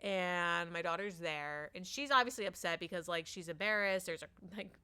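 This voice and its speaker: Brief: casual storyteller mom, bright and smooth voice, chatty, acts out dialogue. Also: female voice, lowish voice, moderate pace. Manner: chatty, acts out quotes, many "like" fillers. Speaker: parent telling a story.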